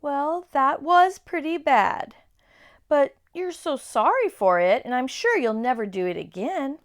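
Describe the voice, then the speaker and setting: A woman's voice: sits high, big pitch swings, moderate pace. A woman voicing a curious, kind-hearted young girl who sounds earnest and wide-eyed. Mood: gentle.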